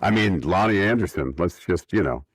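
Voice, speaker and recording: Very deep-voiced man, wry podcast co-host. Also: lively intonation, moderate pace, breathy edge, no echo. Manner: wry, mock-academic rants. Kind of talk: casual chat recapping an episode.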